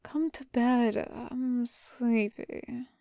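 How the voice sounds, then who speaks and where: A half-conscious wounded general murmurs faint, sleepy words, as a woman reader puts him on. The voice is slow and soft, recorded close and dry with no room around it. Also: fairly high pitch, steady tone, gravelly, no room sound, heavily acted. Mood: drowsy murmur. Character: injured delirious male Jedi general, murmuring.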